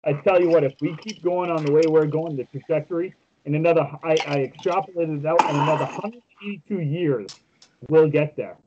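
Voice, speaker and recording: A man's voice: a little high, steady tone, brisk, dull audio, heavy background noise. A man co-hosting a casual podcast, telling jokey stories with lots of fillers and restarts. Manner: joking storyteller with many fillers. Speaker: podcast co-host.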